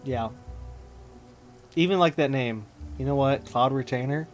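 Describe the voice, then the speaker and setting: A man's voice: mid-range voice, a little slow, soft background music. A man commenting on a game playthrough, ranting with exasperation and mocking the characters. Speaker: gaming channel host. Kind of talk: let's play commentary.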